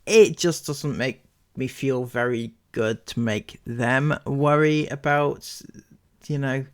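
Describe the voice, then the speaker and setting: A man's voice: medium pitch, slow. A man hosting a commentary video, making dry, mocking asides about vlog clips. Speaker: commentary YouTuber.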